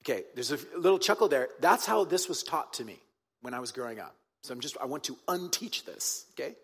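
A man's voice: medium pitch, lively intonation, fairly quick, slightly rough, long reverb tail. A man preaching a sermon in a conversational, emphatic way, repeating key points and checking in with his listeners. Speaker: pastor.

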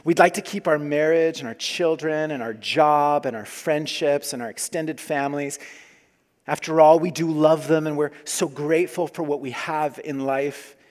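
A man in his forties preaching a sermon as pastor, earnest, moving between loud emphasis and quiet hushed asides. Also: fairly high pitch, normal speed. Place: church sanctuary. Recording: long hall reverb.

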